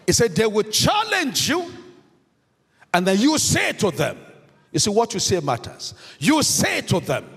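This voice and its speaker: A man's voice: high voice, wildly swooping pitch, normal speed, creaky, slight background noise. A man preaching a sermon as a pastor, emphatic, repeating key phrases and asking the congregation questions. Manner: emphatic preaching with repetition and call-and-response questions. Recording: echoey hall, long reverb.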